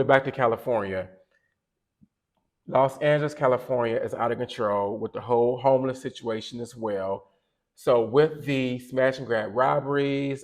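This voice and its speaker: Guy going off on a podcast, opinionated and rambly, fixes his own words mid-sentence, voice pitched about normal. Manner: opinionated, rambling with self-corrections. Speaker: podcast co-host. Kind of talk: casual opinion commentary.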